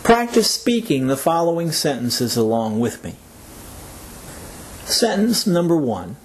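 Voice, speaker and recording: A man with a North American accent teaching English word stress, speaking deliberately and stressing words for learners to repeat. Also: on the high side, big pitch swings, slight background noise. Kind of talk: slow scripted lesson narration.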